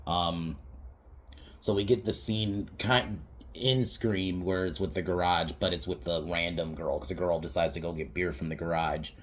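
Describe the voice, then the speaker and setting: Reviewing a comedy film on his podcast, this deep-voiced man speaks at a moderate pace with fairly even intonation and a fairly bright tone. His recap rambles, full of laughter, swearing, and mocking impressions of scenes.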